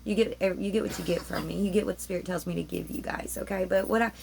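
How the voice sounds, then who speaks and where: Lady tarot reader, super gravelly voice, rambles on, chatty, faint room hiss behind her. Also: fairly low pitch, steady tone, quick pace, darkish tone. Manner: rambling, chatty, self-interrupting. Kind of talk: casual spiritual chat to camera. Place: home room with roommates nearby.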